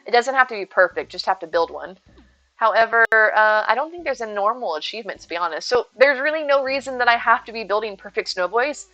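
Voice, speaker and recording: A woman's voice: a little high, animated, a little fast, bright, forceful tone, highs cut off. A woman streaming a game, chatting casually and rambling to her viewers by name. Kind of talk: casual live-stream chat while gaming.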